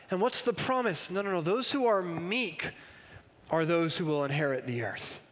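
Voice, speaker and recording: A pastor with a high voice delivers an emphatic sermon and keeps posing rhetorical questions to his listeners. His voice carries a long reverb that rings around a large hall. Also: moderate pace, a bit bright.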